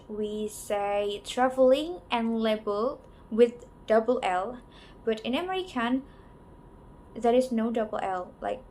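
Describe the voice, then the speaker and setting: Slow, halting young woman presenting a lesson. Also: mid-range voice, a little mellow, slight background noise, low-quality recording. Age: young adult. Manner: slow, halting delivery with many pauses and "so" openers. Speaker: student presenter. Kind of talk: class presentation on English varieties.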